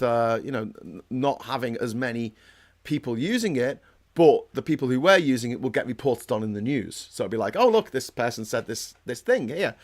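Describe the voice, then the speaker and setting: Man, British, livestream host, heated rambling commentary, frequent restarts, middle pitch. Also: a bit bright. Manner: reads out viewer comments. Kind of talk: casual political commentary livestream.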